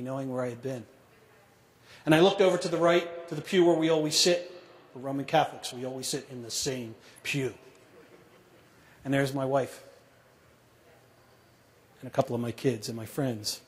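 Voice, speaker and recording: A middle-aged man telling a personal story to an audience, measured and dramatic, dropping to a hush at grave moments. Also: a little high. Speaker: speaker telling a survivor story. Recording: echoey hall.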